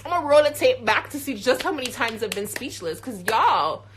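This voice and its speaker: A woman hosting a live chat show, talking in an animated, frank way and swearing casually. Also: high-pitched, quick pace, slight background noise. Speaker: host.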